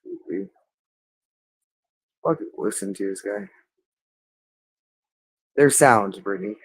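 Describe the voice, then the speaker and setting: A man's voice: fairly low pitch, big pitch swings, slow, vocal fry, husky. A man delivering a rambling monologue, insistent and repetitive, stretching out words for emphasis.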